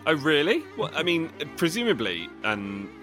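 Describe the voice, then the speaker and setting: A man's voice: fairly high pitch, wildly swooping pitch, moderate pace, over music. A man co-hosting a podcast, making wry, joking asides. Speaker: podcast co-host. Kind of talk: casual podcast chat.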